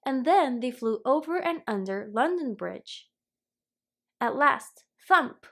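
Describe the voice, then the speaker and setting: Slow, expressive woman reading a storybook. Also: high voice. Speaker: storybook reader. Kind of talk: children's story read-aloud.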